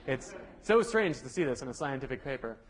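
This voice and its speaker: A man's voice: medium pitch, very animated, brisk. A young man from the Southern United States giving a casual university lecture, chatty and correcting himself with joking asides. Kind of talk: classroom lecture. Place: lecture hall.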